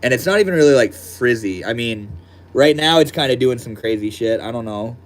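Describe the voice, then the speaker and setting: This home desk streamer has a mid-range voice with lively intonation and a brisk pace. He chats casually and reads viewer comments, staying laid-back and slangy and calling people bro and dude.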